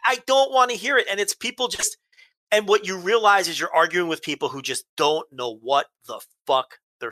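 A man's voice: on the high side, bright, forceful tone, no echo. A man co-hosting a wrestling podcast, ranting in a heated, profane way in casual chat. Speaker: podcast co-host.

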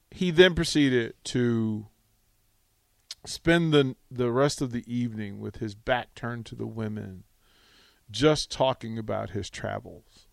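A man hosting a radio talk show, telling a rambling, animated anecdote full of restarts, in a studio on a close mic. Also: medium pitch, slow pace, vocal fry, no room sound. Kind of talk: casual radio storytelling.

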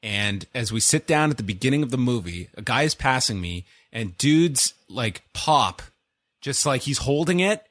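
A man's voice: medium pitch, lively intonation, moderate pace, a bit bright, no echo. Man, dry sarcastic podcast host. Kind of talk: casual podcast chat.

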